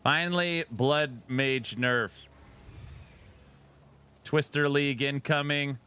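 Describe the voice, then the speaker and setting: Bright-voiced man reading comments, wry. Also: medium pitch, fairly even intonation, takes it slowly, clear, resonant tone. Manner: reads comments in a wry, amused tone. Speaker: streamer reacting to game patch notes. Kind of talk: casual reaction stream, reading comments aloud.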